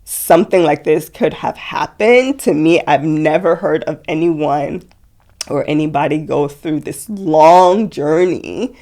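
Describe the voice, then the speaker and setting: A young woman telling her story as a guest in an interview, speaking softly with many fillers and quoted dialogue. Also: sits low, slow. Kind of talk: emotional personal interview.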